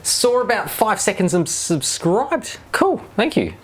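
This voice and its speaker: A man's voice: sits high, sing-song, measured pace, heavy background noise. A middle-aged man making a casual DIY video, rambling and joking as he reads viewer comments. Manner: rambling and jokey, with wry asides.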